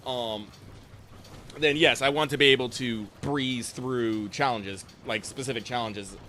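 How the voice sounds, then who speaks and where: A man's voice: mid-range voice, steady tone, a little slow, sharp tone, a little hiss or hum. A man co-hosting a live stream while playing a game, talking in a loose, casual way and swearing freely.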